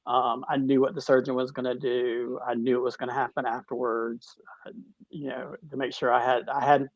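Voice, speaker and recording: A middle-aged man, a teacher, tells his cancer story in an interview, halting and restarting, choked up at times. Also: mid-range voice, little pitch movement, no echo, highs cut off. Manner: halting, with many restarts, tearful at moments. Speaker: guest, cancer survivor. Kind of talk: emotional personal story in a talk-show interview.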